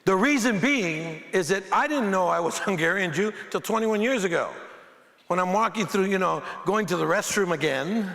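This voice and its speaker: A man from the United States giving an animated, emphatic keynote speech with comic storytelling in a large auditorium. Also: high-pitched, moderate pace. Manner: animated, emphatic, joking with the audience. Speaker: keynote speaker. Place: large auditorium before an audience. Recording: echoey hall with faint crowd.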